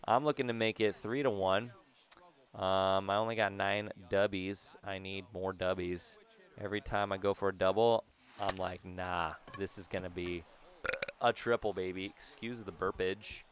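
Excitable young man narrating a ballgame. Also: sits low, moderate pace, clean tone. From Southern California. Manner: excitable, jokey, bursts into yelps and shouts. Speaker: gaming YouTuber. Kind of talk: casual gameplay commentary.

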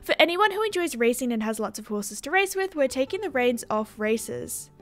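A young Australian woman with an Australian accent, casually reading a game blog aloud with chatty, excitable asides. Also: high-pitched, normal speed, soft background music. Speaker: gaming video creator.

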